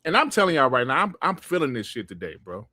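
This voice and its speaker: A man hosting a gaming podcast livestream, ranting in a heated, profane and animated way. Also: medium pitch, fast, no echo, studio quality. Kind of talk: livestream commentary rant.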